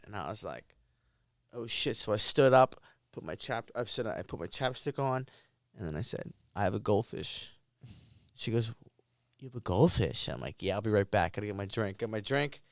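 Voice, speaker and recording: A man's voice: on the low side, animated, a little fast, creaky, dry recording, studio quality. A man in his thirties, a podcast guest, chatting casually and telling self-deprecating stories. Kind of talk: casual chat.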